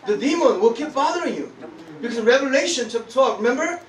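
High-voiced man preaching. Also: slight background noise. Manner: animated storytelling, halting word searches, frequent laughter. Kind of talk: sermon with live interpreting. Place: church hall. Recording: echoey hall, distant mic, congregation.

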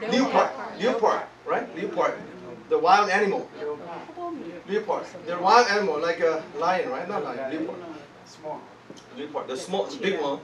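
A man preaching a sermon, animated and laughing as he tells a story, pausing often to search for words. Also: sits high, a crowd in the background. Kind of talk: sermon with live interpreting. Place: church hall. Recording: echoey hall, distant mic, congregation.

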